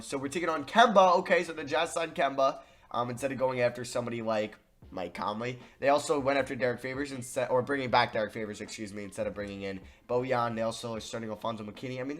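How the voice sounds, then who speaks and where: A young man talks over his basketball video game into a desk mic. He mutters plans under his breath, begs his players to make shots, and jumps to loud outbursts when they hit or miss. His voice is mid-pitched, with wide swings in level. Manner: excited, pleading with players, big swings from mutter to yell. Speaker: gaming YouTuber. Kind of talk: game commentary.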